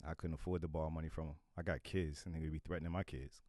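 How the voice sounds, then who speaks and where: A middle-aged man, a comedian guest, talking casually and animatedly on a podcast, now and then breaking into loud impressions. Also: extremely low pitch, flat delivery, rapid-fire, no echo, clean studio sound.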